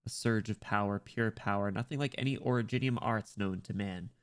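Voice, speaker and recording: Man doing a low, ominous mysterious voice. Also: fairly quick, clear, resonant tone, natural voice.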